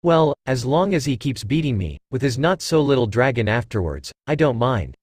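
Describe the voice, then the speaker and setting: A teasing, purring female cat-demon from a storybook reading, lively in her lilt as a man reads her lines. She speaks in a dry, close sound. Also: mid-range voice, normal speed, breathy edge, no room sound. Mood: playful.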